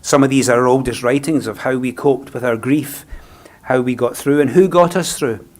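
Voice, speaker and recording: A man with a Scottish accent, a funeral celebrant speaking a eulogy in a gentle, reflective, unhurried way. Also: medium pitch.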